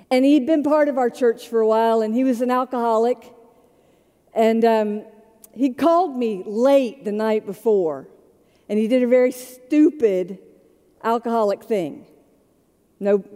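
A woman pastor delivers a sermon in a chatty, storytelling manner, dropping low and quiet, then rising loud. Her voice is fairly high and mellow, carried by the long reverb of a large hall. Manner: conversational storytelling, shifting between soft and loud.

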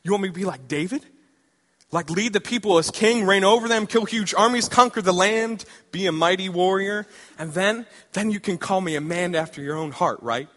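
A man preaching and voicing an excitable young male prophet who eagerly guesses at his calling in a long, echoing hall. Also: on the high side, fast talker, few pauses, lightly acted. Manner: breathless, excited, rising questions.

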